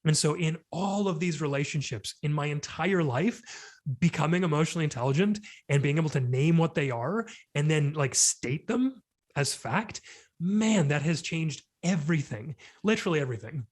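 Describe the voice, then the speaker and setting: A man's voice: fairly high pitch, expressive, normal speed. A middle-aged man talking animatedly as a podcast guest, explaining ideas through vivid analogies. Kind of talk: casual podcast conversation.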